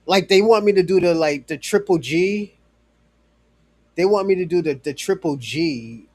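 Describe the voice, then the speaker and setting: On a live stream, a man chats casually with a high-pitched, darkish voice at a moderate pace, recorded with no room sound. He rambles with lots of fillers and restarts, swears freely, and speaks straight to a viewer in chat.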